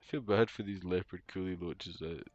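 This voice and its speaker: A man's voice: deep voice, normal speed, no echo. A man streaming a game from home on a headset, rambling casually with lots of fillers and dry jokes. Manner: rambling, filler-heavy, joking. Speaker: streamer and young father. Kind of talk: casual gaming stream chat. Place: home room. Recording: dull lo-fi sound with music behind.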